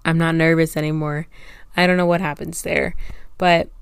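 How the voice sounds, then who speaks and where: Woman, podcast host, casual rambling monologue, self-correcting, clear resonant voice, dry sound. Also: low voice, little pitch movement, normal speed, no room sound. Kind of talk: casual solo podcast talk.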